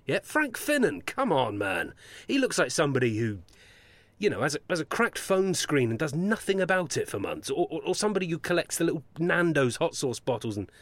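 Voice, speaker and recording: A man's voice: fairly high pitch, sing-song, a little fast, a bit bright, dry recording. A man playing a smug posh football boss. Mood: boastful. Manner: arrogant, sweary, gloating. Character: smug posh male football club chief executive. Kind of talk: comedy audio drama.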